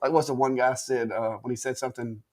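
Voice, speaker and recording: A man's voice: medium pitch, fairly even intonation, quick pace. A man from Alabama with a Southern accent, co-hosting a casual live stream and telling stories in a chatty, drawling way. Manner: chatty storyteller, drawling, says y'all. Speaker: co-host.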